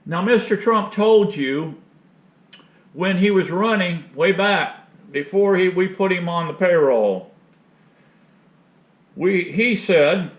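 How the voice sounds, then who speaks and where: A man with a fairly high voice tells a rambling, blunt story. He talks casually and retells whole conversations. The recording is roomy and dull. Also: lively intonation, slow, pauses often. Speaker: outdoor channel host.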